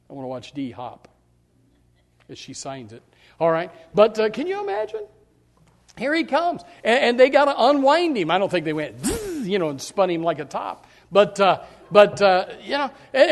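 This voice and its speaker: A middle-aged man preaching a sermon as pastor, fervent and emphatic, his voice surging loud on key points. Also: extremely high pitch, long reverb tail.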